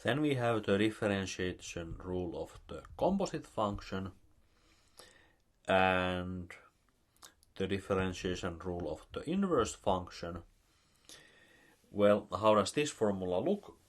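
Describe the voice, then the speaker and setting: A man with a Finnish accent giving a recorded math lecture, explaining step by step with many pauses and fillers. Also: low-pitched, lively intonation. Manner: slow, halting, with many fillers.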